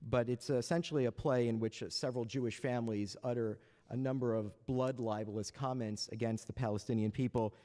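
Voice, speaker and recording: A warm, steady, medium-pitched male voice moves fairly quickly with barely a pause as he kicks off a panel for an audience. Still, dry jokes and many hesitant "uh"s fill his opening, with wry asides, recorded in an echoey large lecture hall.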